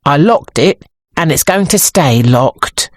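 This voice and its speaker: A brisk, no-nonsense dressmaker with an English accent, as a woman reader voices her, low and husky with a measured, unhurried delivery. Close, dry storybook sound. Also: expressive, no echo, exaggerated voice. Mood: resolute. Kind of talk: audiobook character voice.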